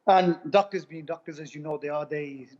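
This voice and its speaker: A man giving an animated testimonial, retelling conversations in a rapid, repetitive way. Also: a little high. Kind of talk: animated personal storytelling. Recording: dull lo-fi recording.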